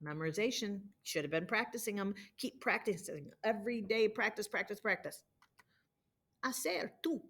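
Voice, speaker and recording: A woman's voice: medium pitch, animated, normal speed, fairly bright tone. Female teacher recording a screen-share lesson, patient drilling tone. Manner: patient, drilling conjugations aloud. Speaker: Spanish teacher. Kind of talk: recorded homework walkthrough.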